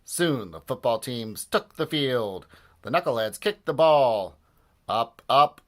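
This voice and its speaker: Man, storybook read-aloud, playful, animated, lively pitch swings, mid pitch. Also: slow pace. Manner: animated, playful delivery with many voices. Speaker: storybook reader. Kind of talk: children's book read-aloud.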